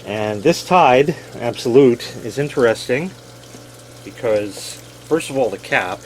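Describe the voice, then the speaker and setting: A man's voice: medium pitch, animated, a little slow, a little mellow. A man hosting a laundry video, chatting casually and playfully as he sets up washing machines. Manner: playful, jokey. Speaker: host. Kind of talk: casual demonstration chat. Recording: noisy with running water.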